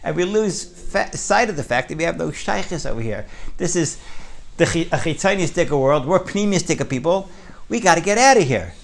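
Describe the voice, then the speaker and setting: A man's voice: a little high, lively intonation, normal speed, creaky, hardly any pauses. A man giving a conversational Torah class, often checking with his listeners by asking "right?". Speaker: Torah teacher.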